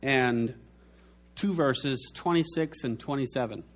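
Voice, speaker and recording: A man's voice: mid-range voice, takes it slowly. A man preaching a sermon, telling anecdotes and acting out the voices in his stories. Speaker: pastor.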